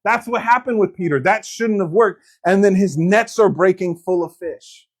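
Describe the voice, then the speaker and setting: Male preacher, sermon, higher-pitched voice, conversational, jokes around, acts out quotes. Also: moderate pace, breathy edge. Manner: animated, conversational and joking, acting out quotes.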